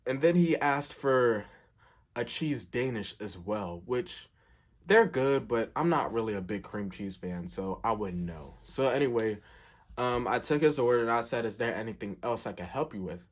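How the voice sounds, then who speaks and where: A young man telling a work story in a casual, animated way, acting out the quotes with big jumps in pitch. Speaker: storyteller, fast food worker.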